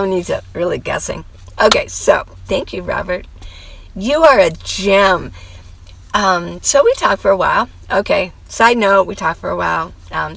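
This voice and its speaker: A woman's voice: medium pitch, creaky, fairly bright tone, low-quality recording. A middle-aged woman vlogger telling a story in a rambling, chatty way, full of asides and quoted dialogue. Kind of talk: casual storytelling vlog.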